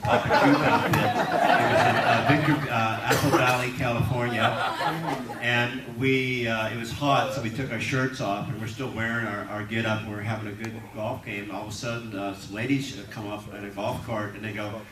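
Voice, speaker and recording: A man's voice: fairly low pitch, steady tone, normal speed. Older man telling rambling set stories. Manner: rambling, laughs at his own stories. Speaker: actor on a reunion panel. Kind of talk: animated anecdotal storytelling. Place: convention hall panel. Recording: echoey hall, distant mic, noisy crowd ambience.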